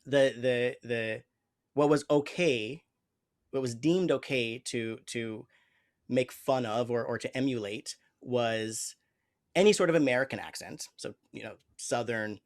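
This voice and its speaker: A man's voice: mid-range voice, a little slow. Earnest, reflective male improv teacher. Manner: reflective, earnest, searching for words. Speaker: host. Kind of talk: conversational interview.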